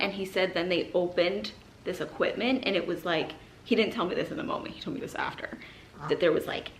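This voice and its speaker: A young woman vlogger casually telling a story to camera, acting out what others said and using "like" a lot. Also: mid-range voice. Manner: animated, acts out quoted voices, frequent "like". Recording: roomy echo.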